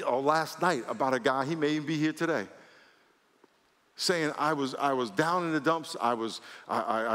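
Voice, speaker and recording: A man preaching a sermon as pastor, animated, with lots of repetition and acted-out dialogue in a church. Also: on the high side. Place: large church hall. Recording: long hall reverb.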